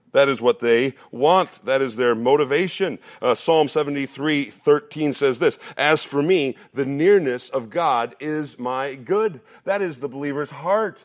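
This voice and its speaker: Here a man in his thirties, a pastor, delivers a sermon with earnest repetition to drive his points home. When he shares a personal story, his voice sinks into a low, relaxed, conversational register.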